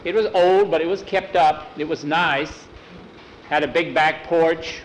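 Male storyteller, folksy spoken western, slightly high voice, faint hum under the recording. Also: steady tone, measured pace, rough recording. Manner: folksy, repeats "he says" between quotes. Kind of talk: oral storytelling.

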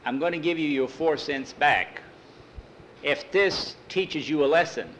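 Brief: a man playing a steady, no-nonsense ranch hand. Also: fairly high pitch, a little slow, a little hiss or hum, rough recording. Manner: firm, matter-of-fact.

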